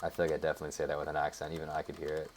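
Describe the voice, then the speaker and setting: A man's voice: very deep voice, completely flat delivery, racing, slight background noise. A young man casually thinking aloud as he walks through his code in a tutorial, with lots of fillers and side remarks. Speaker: web developer. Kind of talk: casual screencast coding tutorial.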